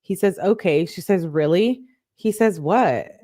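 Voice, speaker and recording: A woman reading text messages aloud as a true crime YouTuber, quickly, with sarcastic asides. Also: lowish voice, mellow, no room sound, studio quality. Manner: quick, sarcastic asides between read-out texts.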